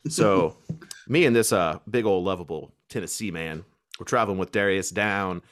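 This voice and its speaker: A man's voice: sits low, normal speed. A man in his twenties from Kentucky with a slight country accent, co-hosting a podcast and telling stories in a casual chat, laughing often. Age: 20s. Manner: animated storytelling, laughs often. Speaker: podcast co-host.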